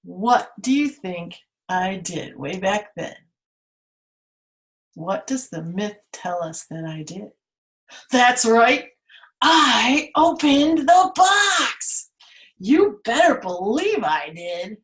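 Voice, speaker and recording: A woman's voice: mid-range voice, big pitch swings, slow pace, long pauses. A woman playing Pandora, a curious, vain young woman from Greek myth, in a playful, theatrical storytelling manner.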